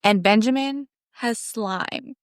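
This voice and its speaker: A woman co-hosting a podcast, telling a family story in an animated, casual way with lots of fillers. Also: a little high, slow, clean tone, no echo, studio quality. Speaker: podcast co-host.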